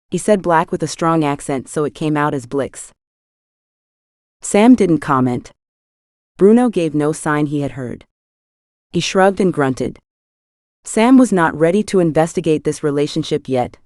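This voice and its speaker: Reading scripted audiobook narration, this woman keeps a steady, measured storytelling pace. Her voice sits low, and the studio recording is dry and clean.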